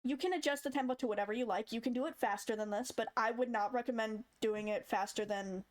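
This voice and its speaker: A woman's voice: on the high side, fast talker. A young woman casually walking through a step-by-step tutorial, chatty and demonstrating sounds as she goes. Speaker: tutorial maker. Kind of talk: casual screen-recorded tutorial.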